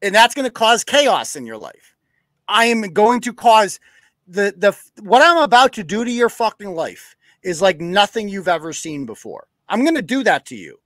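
New guy ranting on his live show, swears a lot, high voice that jumps all over, dry sound. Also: big pitch swings, moderate pace, a bit bright, no echo. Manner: profane, blunt, acts out quoted exchanges. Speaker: podcast host. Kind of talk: casual live-show rant.

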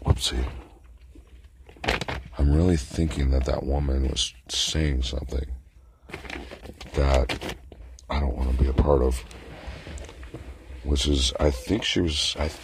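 A man's voice: rumbling low, a little hiss or hum. A man in a casual monologue, telling about a meeting in a profane, agitated rant.

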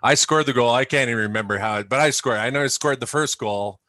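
A former hockey player excitedly telling a story in casual chat, laughing as he builds it up. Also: mid-range voice, quick pace, no echo, clean studio sound.

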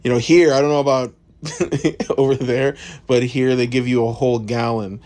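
A man telling a story in a listener's voice note, slangy and animated. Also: medium pitch, moderate pace.

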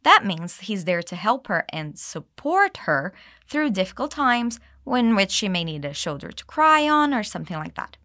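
A woman teaching English, explaining dialogue lines and modeling them slowly for learners to repeat. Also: medium pitch, sing-song, bright, forceful tone, no room sound, clean studio sound. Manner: clear, slow modeling of phrases with exaggerated intonation. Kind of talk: English lesson with repeat-after-me drills.

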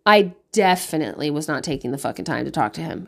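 Blunt, swearing mom of five. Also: female voice, low-pitched, lively intonation, fast talker, vocal fry, few pauses. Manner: candid and profane, laughing often. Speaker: mother of five giving parenting advice. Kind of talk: casual monologue.

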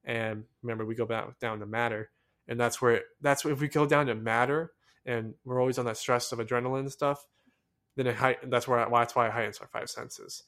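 Young guy from the states rambling on his podcast, all excited, tons of ums and restarts. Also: medium pitch, fairly quick. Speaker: podcast host. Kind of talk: casual solo podcast monologue.

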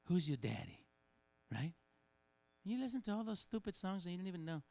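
Animated, gravelly-voiced male preacher. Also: sits high, a little fast. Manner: animated, acts out voices and dialogue, humorous asides. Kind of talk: sermon.

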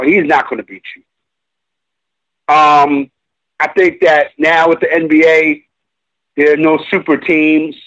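A man's voice: on the high side, a bit bright, highs cut off. A man giving opinionated, colloquial basketball commentary, emphatic and mocking at times. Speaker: sports commentator.

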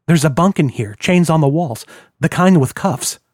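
A worried clone speaks in halting, uneasy phrases, as a man reads him. The sound is dry and close. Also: on the high side, lively intonation, darkish tone, dry recording.

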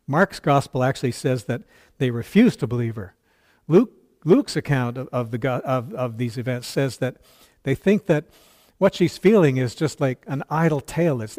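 A man's voice: medium pitch, a little mellow. A male pastor preaching a sermon, retelling a story earnestly with quoted dialogue and occasional stumbles.

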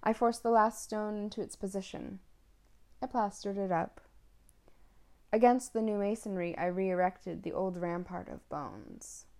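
A woman reading a classic short story aloud in a measured, hushed dramatic way. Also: mid-range voice. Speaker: reader.

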